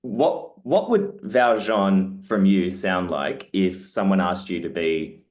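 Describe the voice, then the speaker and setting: A man's voice: sits low, animated, slow pace, a little mellow. A man hosts an interview. He speaks eagerly and scatters fillers through his questions. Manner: eager, uses lots of fillers. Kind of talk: interview conversation.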